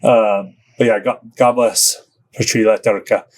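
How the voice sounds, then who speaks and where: A man's voice: on the low side, little pitch movement, unhurried. A man who plays in a band, talking casually in an interview, rambling with many restarts and laughing between phrases. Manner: rambling, full of "you know" and restarts. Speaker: band musician, podcast guest.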